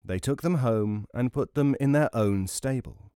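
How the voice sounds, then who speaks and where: Expressive male storyteller, dry close sound. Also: medium pitch, unhurried, smooth, no room sound. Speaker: narrator. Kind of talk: scripted narration of folk tales.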